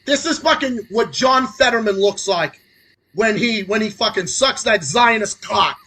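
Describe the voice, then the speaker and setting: Brief: young male streamer, furious profane rant, sneering sarcasm, raspy and bright. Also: sits high, animated, unhurried, poor audio. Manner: angry, sarcastic, swings between muttering and shouting. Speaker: podcast host. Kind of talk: profane political rant on a livestream.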